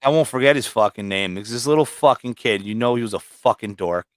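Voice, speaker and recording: A male livestream guest with a mid-range voice talks briskly in a dry recording. He casually tells long, rambling stories loaded with swearing.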